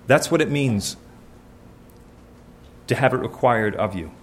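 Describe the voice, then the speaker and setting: A man's voice: mid-range voice, animated, a little slow. A man preaching a sermon, reading scripture aloud and asking his listeners questions in an earnest, conversational way.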